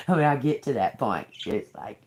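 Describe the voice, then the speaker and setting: Blunt, foul-mouthed woman hosting a livestream, animated delivery, roomy echo. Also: very deep voice. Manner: blunt, profane, animated storytelling. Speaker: tarot reader livestream host. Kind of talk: casual livestream talk. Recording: echoey room.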